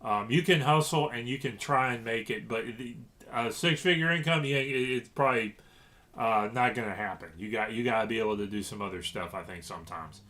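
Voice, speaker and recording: A man's voice: mid-range voice, a little fast, pushed and bright. Rambling man from Louisiana. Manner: rambling, many fillers and restarts. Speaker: reseller vlogger. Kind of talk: casual chat to camera.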